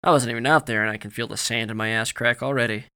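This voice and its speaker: A man's voice: mid-range voice, fairly even intonation, quick pace, sharp tone, smooth. A man voicing a crude, joking male soldier who drives a truck, in a wry, offhand way.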